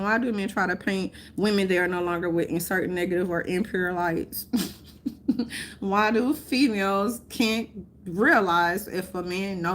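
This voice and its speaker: A woman's voice: mid-range voice, a little hiss or hum. A woman ranting casually to her viewers, rambling and profane, often breaking into laughter. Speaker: vlogger.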